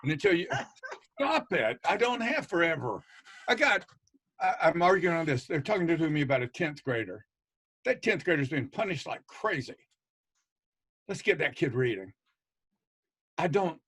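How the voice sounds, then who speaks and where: Emphatic, blunt man with a higher voice. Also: expressive, normal speed, fairly bright tone, slightly rough. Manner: emphatic and blunt, mild swearing, repeats for stress. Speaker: reading educator on a panel. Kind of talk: passionate panel discussion.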